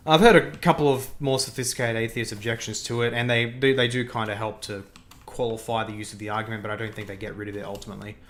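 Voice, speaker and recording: A man's voice: lowish voice, steady tone, fast, a bit bright, a little hiss or hum. A young man hosting a livestream who chats casually while gaming, thinking aloud, repeating himself and reacting to the game and chat. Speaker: livestream host.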